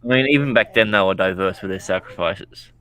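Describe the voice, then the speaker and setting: A man co-hosting a podcast, chatting casually with wry deadpan quips. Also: sits low, fairly quick. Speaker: podcast co-host. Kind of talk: casual chat.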